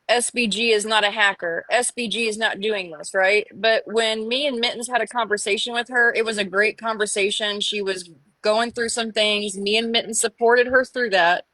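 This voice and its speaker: A woman in a casual livestream chat, telling a story with animated retorts. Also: medium pitch, dry recording, low-quality recording. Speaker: live stream participant.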